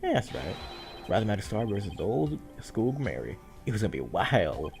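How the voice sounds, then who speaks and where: A man's voice: fairly low pitch, very animated, moderate pace, vocal fry, over music. A man voicing a brash, pushy TV producer in a video game dub, talking in slang like a salesman. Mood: boastful.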